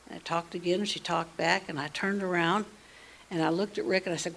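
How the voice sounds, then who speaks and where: A woman casually telling a personal story, animated, dropping to hushed asides and rising to loud emphasis. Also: lowish voice, quick pace, a little hiss or hum. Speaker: storyteller sharing a personal testimony.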